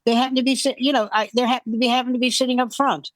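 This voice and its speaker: Older comedian spinning animated anecdotes. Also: male voice, very high voice, rapid-fire, no room sound. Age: 70s or older. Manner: animated storyteller who acts out quoted voices. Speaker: veteran comedian guest. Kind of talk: casual anecdote telling.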